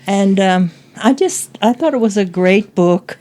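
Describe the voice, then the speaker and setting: A woman's voice: medium pitch, lively intonation, unhurried, warm tone. An older woman chatting about a book as a guest, laughing often and acting out quoted lines. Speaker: guest, host's mother. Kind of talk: casual book discussion.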